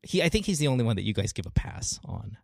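A man from the Philippines hosting a call-in talk show, chatting animatedly and working through examples with quick restarts. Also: fairly low pitch, sing-song, vocal fry, darkish tone, dry recording, clean studio sound. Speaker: radio show host. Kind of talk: casual chat with callers.

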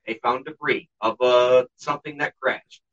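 A man with a mid-range, fairly bright voice speaks at a moderate pace in a steady tone. He's a podcast co-host telling a story during casual chat, blunt and sarcastic and swearing constantly. The recording sounds dull and lo-fi, with him distant from the mic.

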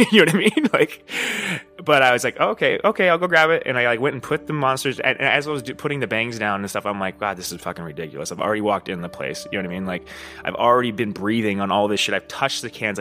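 A man's voice: on the low side, pushed and bright. A man hosting a podcast, talking through a personal story in a candid, profane, rambling way, often asking "you know what I mean?". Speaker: podcast host. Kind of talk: casual monologue.

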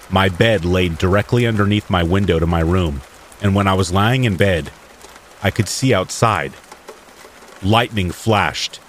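Low-ish guy voice reading scary stories, calm and even, soft rain going in the back. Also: a little hiss or hum. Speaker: podcast storyteller. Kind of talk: scripted horror story narration. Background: steady rain.

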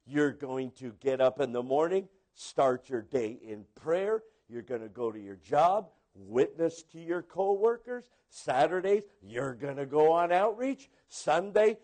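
A man's voice: sits high, a little mellow. A man preaching a sermon to a congregation, rambling and repeating words, with comic asides where he imitates people. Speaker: pastor.

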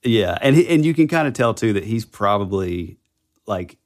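A man's voice: fairly low pitch, animated, moderate pace, a little mellow. A middle-aged man co-hosting a podcast, chatting casually and agreeably, often trailing off mid-thought. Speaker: podcast co-host. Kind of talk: casual chat.

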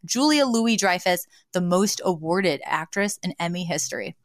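A woman's voice: on the low side, lively intonation, moderate pace, dry recording, studio quality. A woman co-hosting a podcast, chatting casually about a sitcom episode, laughing easily and thinking aloud with restarts. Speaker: podcast co-host.

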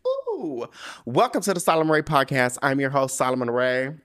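A man's voice: medium pitch, fast talker, fairly bright tone, smooth. A man hosting his own podcast in a casual solo monologue, sassy and profane with plenty of slang and laughter, sounding weary and stressed. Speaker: podcast host.

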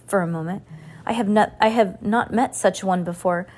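A woman's voice: mid-range voice, normal speed, a little mellow, natural voice. A woman voicing an anxious male court jester who rambles in rhymes and puns, in a storybook read-aloud. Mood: theatrical, fretful. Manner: rhyming, pun-loving, theatrical ramble.

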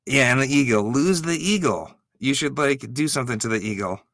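A man giving excitable, gushing reaction commentary, swearing freely as he reacts. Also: mid-range voice, fairly quick, dry recording, studio quality.

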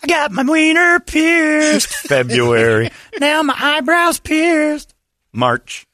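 A squeaky, slow-whining grown man moans about his piercings, as a radio host puts him on. The tone is bright and pinched, with no room sound around it. It is pitched far above a man's normal speaking voice. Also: huge pitch swings, no room sound, studio quality, exaggerated voice. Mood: whiny. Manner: high, drawn-out whining.

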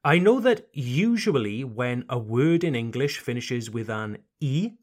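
Guy teaching english pronunciation, talks real slow, voice bouncing up and down a lot. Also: mid-range voice, lively intonation, darkish tone. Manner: slow, careful over-articulation of words; mixes in short French phrases. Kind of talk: podcast lesson for French speakers.

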